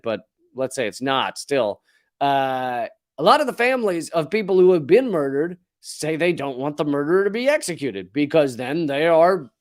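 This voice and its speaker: A man with a Southern US accent giving a sarcastic, profane comedic commentary monologue. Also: a little high. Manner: sarcastic, profane, chuckles at own jokes.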